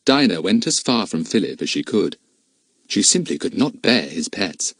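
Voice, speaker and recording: A man narrating a children's adventure audiobook in a lively, expressive way. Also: deep voice, normal speed, dry recording.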